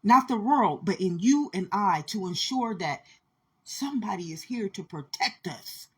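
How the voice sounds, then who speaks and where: A woman delivers a fervent spiritual message, pressing each point again and again as she speaks straight to her listeners. Her voice is husky and a little breathy, pitched in an ordinary middle range. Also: expressive, unhurried. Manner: intense, repetitive, preachy, addresses listeners directly. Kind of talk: impassioned spiritual monologue.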